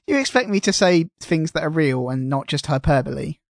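A man chatting casually on a gaming podcast, sweary and excitable as he rants. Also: a little high, moderate pace, dry recording, clean studio sound. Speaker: podcast co-host.

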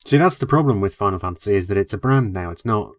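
A man's voice: lowish voice, expressive, quick pace, no echo. A man in a casual chat, making dry, matter-of-fact remarks. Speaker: podcast co-host.

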